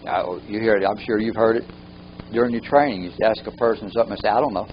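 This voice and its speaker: A man's voice: on the low side, steady tone, fast, a little hiss or hum. Give me a male workshop trainer lecturing a group, muffled lo-fi sound. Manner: repeats key phrases for emphasis.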